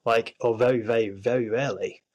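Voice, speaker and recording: A man's voice: medium pitch, fairly even intonation, a little fast, a little mellow, dull audio. A man with a Yorkshire accent, an actor and screenwriter talking earnestly as an interview guest, with many restarts and fillers. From Yorkshire, England. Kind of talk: casual interview chat.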